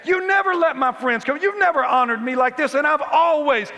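A preacher shouting as a bitter eldest son. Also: male voice, brisk, long reverb tail, full character voice. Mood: aggrieved. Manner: high-pitched shouting complaint. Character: resentful grown eldest son, bitter and aggrieved. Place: church.

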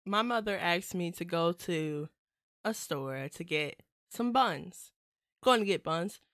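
A woman's voice: fairly low pitch, animated, slow pace, a bit bright, dry recording, studio quality. A young woman co-hosting a casual podcast with her mother, playful and prone to exaggerating with mock indignation. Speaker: podcast co-host, daughter. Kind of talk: casual family podcast chat.

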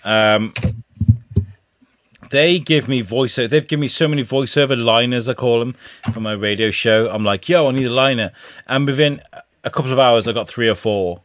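A man's voice: medium pitch, moderate pace, a bit bright, dry recording, clean studio sound. A man from the UK co-hosting a casual podcast chat, joking, rambling and swearing freely. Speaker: co-host.

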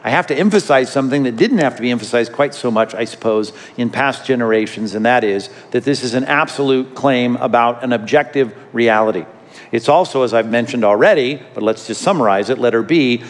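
A man preaching a sermon as a pastor, emphatic and repeating his key phrases. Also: mid-range voice. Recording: hall reverb.

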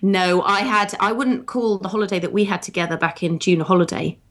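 A woman in her thirties co-hosts a podcast, speaking in a mid-range voice at a slightly quick clip. The talk is casual and chatty, and she's giggly and animated, laughing often.

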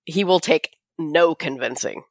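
A woman's voice: low voice, a little slow, no echo, clean studio sound. A woman co-hosting a casual podcast, giving emphatic opinions with laughs, recovering from the flu. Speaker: podcast co-host. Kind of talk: casual recap chat.

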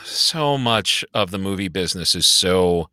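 Animated bright-voiced man co-hosting. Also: sits low, slow pace, no echo, clean studio sound. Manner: animated, swearing, sighing. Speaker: podcast co-host. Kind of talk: casual movie review chat.

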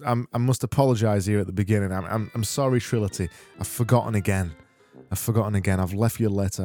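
A man's voice: lowish voice, dark tone. A man hosting a comedy podcast, sarcastically gushing thanks to listeners in a mock-cheerful monologue with stammering restarts. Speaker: podcast host.

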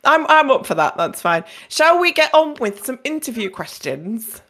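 A woman hosts a casual gaming podcast, her pitch swinging widely as she talks. She is chatty, tosses in loose asides and laughs easily. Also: big pitch swings, moderate pace, fairly bright tone. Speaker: podcast host. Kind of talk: casual chat.

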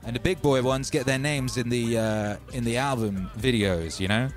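Chill guy rambling on his live stream, shouting out chat, soft music behind. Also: mid-range voice, moderate pace. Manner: laid-back and rambling, reading out chat shout-outs. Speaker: livestream host.

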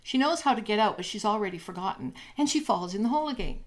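A woman's voice: medium pitch, quick pace. A woman coaching on spirituality in a podcast chat, telling stories and acting out voices as she goes. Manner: animated, acts out voices in stories. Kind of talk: casual podcast chat, storytelling.

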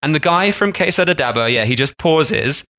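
A man's voice: fairly high pitch, normal speed. A man co-hosting a food travel podcast, telling a story in a casual, chatty way. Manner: chatty, animated retelling. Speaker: podcast co-host.

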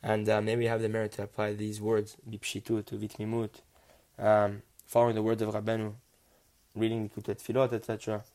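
A man teaching a text-study lesson, reading passages quickly and translating them phrase by phrase with earnest, enthusiastic commentary. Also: lowish voice, completely flat delivery, a little mellow. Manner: reads passages rapidly, then translates phrase by phrase. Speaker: Torah teacher.

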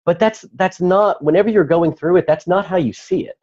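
A man's voice: high-pitched, brisk, darkish tone, dull audio. Earnest man telling his story. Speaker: guest. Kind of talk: personal story in conversation.

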